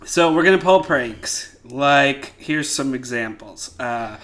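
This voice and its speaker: A man's voice: medium pitch, lively intonation, slow, a bit bright. A young man co-hosting a comedy podcast, talking in a playful, boastful way. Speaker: podcast co-host. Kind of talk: casual comedic chat.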